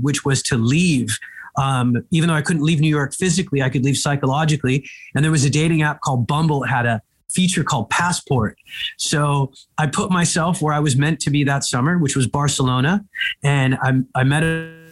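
A man from Egypt, a comedian, telling lively anecdotes in an interview with quick asides. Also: on the high side, breathy edge. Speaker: comedian guest. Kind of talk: storytelling interview chat.

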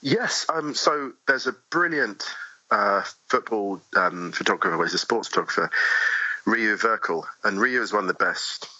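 A man talking as a podcast guest, animated and chatty with many asides, in a dull lo-fi remote recording. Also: on the low side, normal speed, dry recording. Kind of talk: casual interview conversation.

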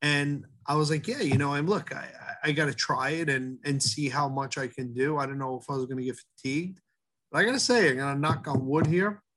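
Earnest halting man being interviewed. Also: fairly high pitch, a bit bright. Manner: earnest, halting with many fillers and restarts. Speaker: guest, head baker. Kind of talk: casual interview talk.

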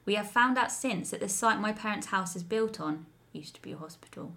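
A woman's voice: medium pitch, brisk. Woman co-host, chatty and giggly, tells ghost stories in casual banter. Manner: giggly, animated storyteller. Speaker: podcast co-host.

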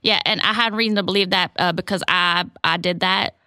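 A woman's voice: fairly low pitch, steady tone, brisk, background noise, close to an everyday voice. A woman playing a meek, odd Southern townswoman in an improvised comedy, hesitant and full of ums. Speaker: guest.

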